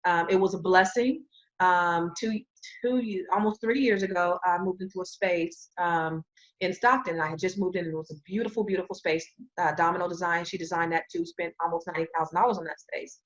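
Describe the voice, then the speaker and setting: A woman guest on a podcast, telling a story in a casual, animated way and acting out the voices of the people she quotes. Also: fairly low pitch, brisk, highs cut off.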